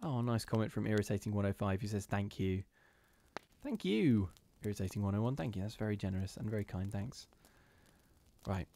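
A man's voice: fairly low pitch, fairly even intonation, fast talker, mellow. A man hosting a live ghost story reading, chatting casually with his viewers between passages in a self-deprecating way.

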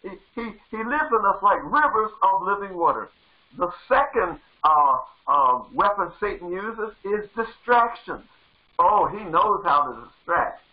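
A man's voice: high-pitched, lively intonation, a little slow, phone-quality sound. A male pastor preaching a sermon with fervor, driving points home by repeating phrases. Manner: fervent, repeats phrases for emphasis.

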